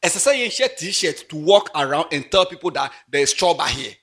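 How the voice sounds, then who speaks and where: A man preaching with a high, bright, ringing voice that leaps all over the scale. He jokes and laughs as he goes, shouting one moment and dropping to a near-murmur the next. It sounds like a lively church sermon. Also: a little fast. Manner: animated and playful, laughing often, swings from loud exclamations to quiet asides. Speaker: pastor.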